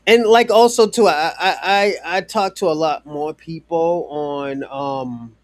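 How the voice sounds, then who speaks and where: A man's voice: on the high side, slow, no echo. A man chatting casually on a live stream, rambling with many fillers and restarts, swearing freely and talking straight to a viewer in chat.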